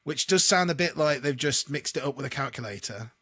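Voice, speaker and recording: A man's voice: mid-range voice, a little fast, slightly rough, no room sound. A man from Market Harborough with an East Midlands accent, co-hosting a podcast in casual chat and quizzing his co-host. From Market Harborough, East Midlands, England. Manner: animated, leads the chat with quizzing questions.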